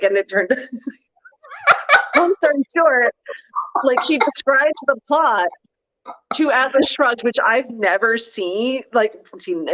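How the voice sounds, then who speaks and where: A woman's voice: a little high, fairly bright tone. A woman co-hosting a casual live chat, telling stories in a chatty, wry way. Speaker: co-host. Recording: dull, lo-fi audio.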